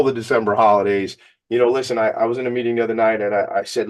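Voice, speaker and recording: A man's voice: mid-range voice, fast. A man hosting a radio show, fired up, joking and motivational. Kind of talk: energetic radio monologue.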